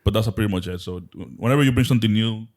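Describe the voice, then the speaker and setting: Fast-talking excitable male podcaster. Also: fairly low pitch. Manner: excitable, laughs often, repeats words. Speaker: podcast co-host. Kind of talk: casual chat.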